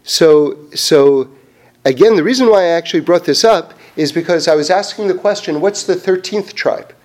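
Casting note: high-pitched man, Torah teacher, loose conversational delivery with lots of "like" and restarts. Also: normal speed. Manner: animated, chatty, many fillers and restarts. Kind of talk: casual Torah class.

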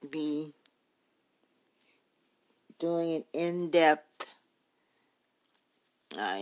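A man talks straight into his podcast, slow and unhurried, tripping over fillers and repeated words. His tone is blunt and heated, like an unscripted rant. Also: a little high, clear, resonant tone. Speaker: podcast host. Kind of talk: casual rambling monologue.

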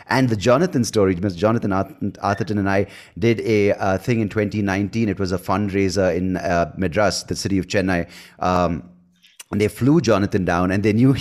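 A man's voice: lowish voice, a little mellow. A man who hosts a podcast and does comedy, telling stories in a loose, casual chat full of restarts. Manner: loose storytelling with laughs and restarts.

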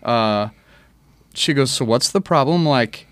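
A man talking in a casual podcast chat, recounting stories with animated, swearing energy. His voice is mid-pitched and sits close and dry to the mic, with no room sound. He talks like a veteran guest among friends. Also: slow, no echo. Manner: animated, profane storytelling.

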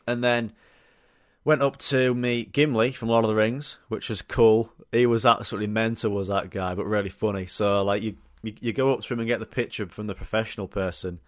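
Speaking a little fast, with a lowish voice and fairly even intonation, this Yorkshire-accented podcast host from Yorkshire, England, rambles through casual stories. Fillers abound and he swears now and then; the recording is dry and cleanly studio-made.

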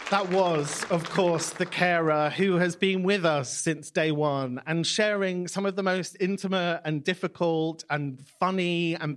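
A man hosting a live podcast, effusive and reflective. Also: on the high side. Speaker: podcast host.

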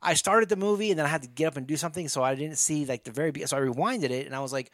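A man's voice: a little high, very fast, fairly bright tone, no room sound, studio quality. A man co-hosting a podcast, retelling a movie plot in a casual, profane, laid-back way. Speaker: podcast co-host. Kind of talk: casual movie-review chat.

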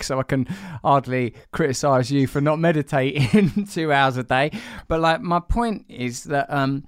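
A host in his forties, musing at length in a casual chat. His voice is smooth and resonant, recorded dry and close. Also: medium pitch, dry recording. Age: 40s. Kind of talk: casual conversation.

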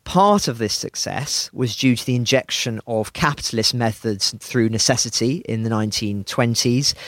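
A man's voice: mid-range voice, dry recording. Earnest British man, dry close sound. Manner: earnest, emphatic, frequent restarts. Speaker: podcast co-host. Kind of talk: analytical podcast discussion.

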